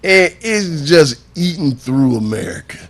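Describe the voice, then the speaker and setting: Brief: male talk-show host, emphatic and laughing, fairly high and lively. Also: a little slow. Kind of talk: casual talk-show chat.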